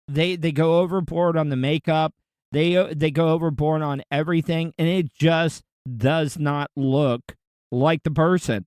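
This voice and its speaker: A man talks through a casual monologue in a smooth, clean voice that sits a bit high. The sound is close and dry, and he speaks bluntly and candidly. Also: measured pace, darkish tone, no room sound. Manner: blunt, profane, candid storytelling. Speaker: podcast host.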